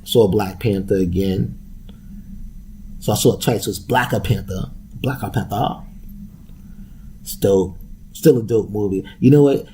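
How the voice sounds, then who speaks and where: A young man rants casually on his podcast in a dark, mellow voice with a gravelly edge. He swears freely and laughs his way through it, all in loose slang. A faint hiss of noise sits under the recording. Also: lowish voice, unhurried, pauses often. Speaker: podcast host. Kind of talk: casual profane rant.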